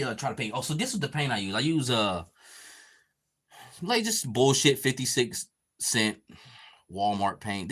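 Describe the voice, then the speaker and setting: Man, low voice, casual podcast host, profane and laid-back, chatty. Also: a bit bright. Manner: profane, laid-back, reading chat comments. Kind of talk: casual chat while painting toys.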